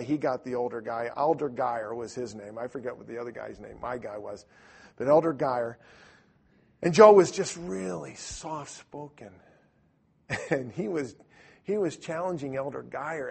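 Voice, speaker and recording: A middle-aged man preaching a sermon with a husky voice, telling stories and acting out the voices in them. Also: medium pitch. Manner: animated storyteller who acts out voices in his stories. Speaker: preacher or Bible teacher. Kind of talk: storytelling sermon to a live audience.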